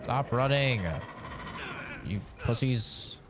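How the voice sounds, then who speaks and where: A man's voice: mid-range voice, fairly even intonation, drawn-out words, very noisy. A man streaming a video game, joking sarcastically and swearing freely as he plays. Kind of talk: casual gameplay commentary.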